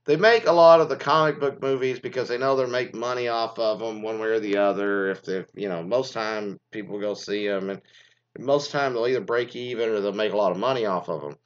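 A man's voice: lowish voice, brisk. A man hosting a casual commentary, reading news items and then ranting in a rambling, profane, exasperated way. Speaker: commentary host. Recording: dull lo-fi sound.

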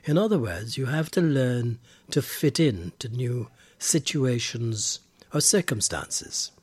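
Slow, husky man explaining words. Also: mid-range voice, lively intonation, darkish tone, no echo. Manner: slow, deliberate word explanations. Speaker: language program presenter. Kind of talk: scripted educational radio talk.

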